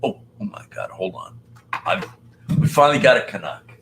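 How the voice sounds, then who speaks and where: A man's voice: mid-range voice, very animated, normal speed, fairly bright tone, a little hiss or hum, poor audio. An older man hosting a casual live stream, chatting and joking as he greets viewers by name. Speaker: live-stream host reading chat.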